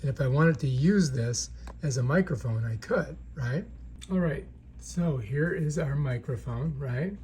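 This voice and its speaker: Man, casual gadget demo, chatty, mid-pitched voice, faint background noise. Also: measured pace, a little mellow. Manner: chatty, keeps checking in with "right?". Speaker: product reviewer. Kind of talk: casual product demonstration. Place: indoor room.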